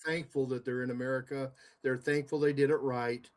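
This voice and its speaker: A man's voice: medium pitch, little pitch movement, brisk. A man co-hosting a podcast in casual political banter. He talks bluntly, with hesitant fillers and repeated words. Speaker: podcast co-host.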